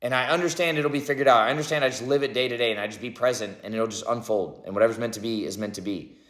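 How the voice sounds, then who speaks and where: A vlogger in his thirties speaks very fast in a mid-range, slightly bright voice, rambling through a reflective spiritual monologue. He leans heavily on "like" and "right?" and swears often, and the room is echoey.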